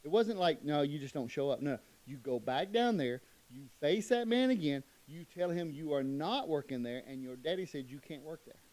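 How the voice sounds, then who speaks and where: A middle-aged man preaching a church sermon, emphatic, moving between loud declarations and quiet asides. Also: a little high, expressive, moderate pace, hardly any pauses. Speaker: pastor.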